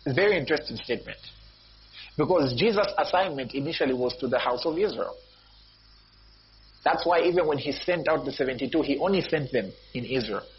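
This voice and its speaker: A pastor preaching a sermon, repeating phrases and jumping up in pitch and volume for emphasis. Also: male voice, expressive, brisk. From Zambia. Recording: dull lo-fi recording with faint noise.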